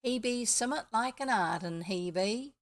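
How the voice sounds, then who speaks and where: A woman's voice: medium pitch, unhurried, lightly acted. A woman voicing a grumpy old male magic mole who speaks in a rustic country dialect. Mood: approving.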